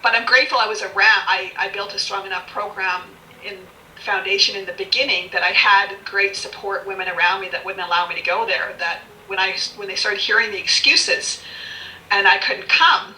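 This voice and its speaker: Bright-voiced, blunt storytelling woman. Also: medium pitch, a little fast, slight background noise. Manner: blunt and animated, swears freely, laughs often. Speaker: podcast guest. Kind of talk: candid personal storytelling. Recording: echoey room, distant mic, faint music.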